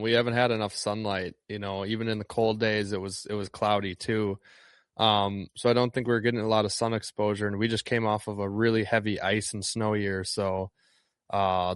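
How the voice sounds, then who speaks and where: A man from Northeast Wisconsin with a lowish voice, chatting loosely about his guiding work, full of ums and false starts. The sound is dry and close, with no room around it. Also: clean tone, no echo. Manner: relaxed, rambling, lots of ums and restarts. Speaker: fishing guide. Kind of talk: casual interview chat.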